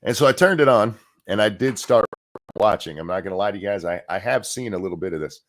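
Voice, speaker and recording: A man's voice: fairly low pitch, lively intonation, fast talker. A man hosting a casual livestream, rambling and sarcastic, swearing freely and restarting his sentences often. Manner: rambling and profane, with frequent restarts. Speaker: livestream host.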